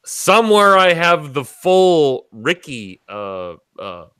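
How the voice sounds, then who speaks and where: A man's voice: a little high, big pitch swings, takes it slowly, pushed and bright, smooth. A man hosting a casual livestream chat, boisterous and tipsy, swearing and laughing as he talks. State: tipsy from drinking. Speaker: podcast host.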